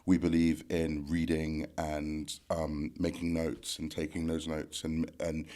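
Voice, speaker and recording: Deep voiced young guy cohosting a podcast, rambles a lot, super laid back. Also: a little slow. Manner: rambling, relaxed, full of fillers and "like". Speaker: podcast co-host. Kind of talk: casual chat.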